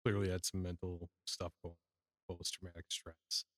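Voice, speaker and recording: A man with a fairly low voice chats easily on a podcast and laughs often. He tells his own stories from sales work. The recording is dry, with no room echo. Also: little pitch movement, normal speed, a bit bright. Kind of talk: casual chat.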